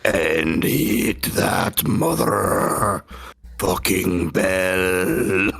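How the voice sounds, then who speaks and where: A man voicing an ancient, menacing undead vampire count, speaking very slowly in a husky, gravelly voice. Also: low-pitched, fairly bright tone, soft background music, exaggerated voice. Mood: ominous. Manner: drawn-out, solemn delivery.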